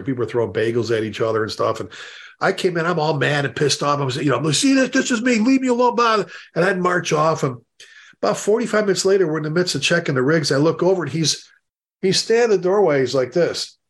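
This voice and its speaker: A man hosting a casual panel discussion over a video call, telling stories in an animated, emphatic way. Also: on the high side, fast talker. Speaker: host and fire service instructor.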